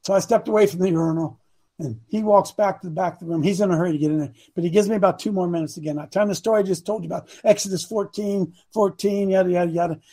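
Husky high-voiced man preaching a story. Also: rapid-fire. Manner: animated, shouts for emphasis. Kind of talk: storytelling sermon.

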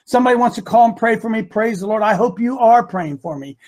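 An older man hosting a radio talk show, preaching with rising passion and at times shouting. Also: sits high, animated, fast.

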